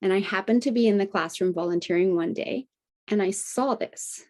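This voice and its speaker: A woman's voice: normal speed, darkish tone. Chatty woman telling a personal story. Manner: conversational, often tags phrases with "you know" and "right?"; acts out remembered dialogue with lifted pitch. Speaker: guest, integrative health practitioner and health coach. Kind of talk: personal storytelling in a podcast interview.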